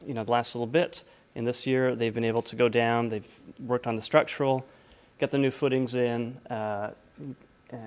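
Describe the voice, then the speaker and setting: Man giving a relaxed project update. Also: mid-range voice, smooth. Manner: relaxed, informal, many "uh"s. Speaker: housing project presenter. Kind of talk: casual presentation update. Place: council chamber.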